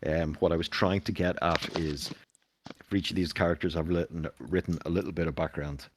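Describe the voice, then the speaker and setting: A man's voice: sits low, fairly even intonation, a little fast, background noise. A man running a tabletop game as game master, chatting casually with many fillers.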